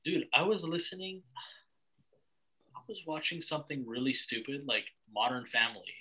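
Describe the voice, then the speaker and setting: A man's voice: mid-range voice, expressive, moderate pace, bright, forceful tone, breathy edge, poor audio. A young man from Canada hosting a casual podcast chat, blunt and rambling, swearing freely with lots of restarts. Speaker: podcast host.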